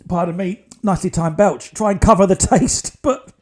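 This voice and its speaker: A man's voice: sits high, normal speed. A man hosting a podcast, telling stories in a chatty, digressive way with wry asides. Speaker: podcast host. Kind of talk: casual podcast storytelling.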